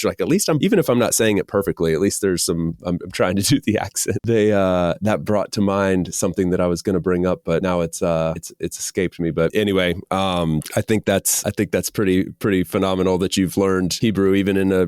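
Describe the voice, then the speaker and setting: A relaxed male podcast host with a very deep, smooth, resonant voice. His dry, close-miked sound carries an easygoing interview where he laughs readily. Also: no room sound. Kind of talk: casual interview.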